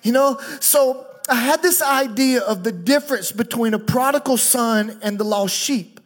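A man preaching as a guest pastor at a church, talking fast, emotional and effusive. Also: very high voice. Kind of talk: sermon. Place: church stage.

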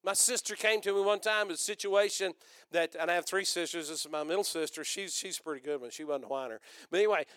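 An older man preaching a sermon, rousing and loud, calling out to the congregation. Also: high-pitched, fast, smooth, no echo, clean studio sound. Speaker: pastor.

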